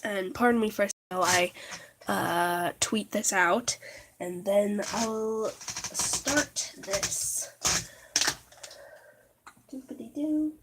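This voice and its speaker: A chatty young woman, sick with a cold, talks through a crafting vlog at her home table with a slight put-on British accent. Her talk is rambling and self-deprecating, broken by giggles, at a mid-range pitch for a woman. Loud crinkling and crackling of plastic and paper craft supplies sits right under her voice. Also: steady tone, slow. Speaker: crafting vlogger. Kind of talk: casual crafting vlog chat.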